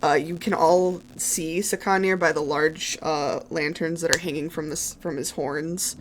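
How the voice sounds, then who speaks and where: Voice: mid-range voice, fairly even intonation, normal speed, noisy background. A game master narrating a tabletop game on a stream, hesitant and full of filler words as they describe the scene. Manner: hesitant, many fillers and restarts.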